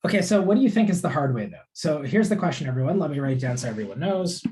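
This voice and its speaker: A man's voice: fairly high pitch, animated, racing, dark tone. A young man teaching a live online math lesson in a casual way, answering student questions as he works through problems. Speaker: course instructor.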